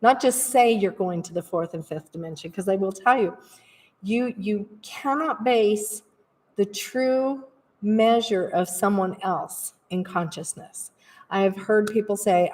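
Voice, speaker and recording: A woman's voice: medium pitch, slow pace, a little mellow, distant mic. A woman giving a casual, rambling spiritual talk in an earnest way as a practitioner. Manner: rambling, earnest, laughs while telling stories.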